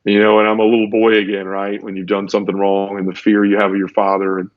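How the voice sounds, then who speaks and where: A man guesting on a podcast tells his personal testimony emotionally and repetitively, acting out sound effects. His lowish voice is monotone and fast, with no echo, and the podcast audio sounds dull and lo-fi.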